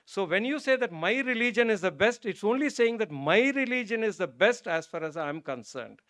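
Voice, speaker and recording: On an auditorium stage, an Indian man appears as a guest speaker at a public religious talk, his high voice animated and at a normal pace. The audio is studio quality without echo. He relates a story that touches him, turning soft and emotional, before driving home emphatic points.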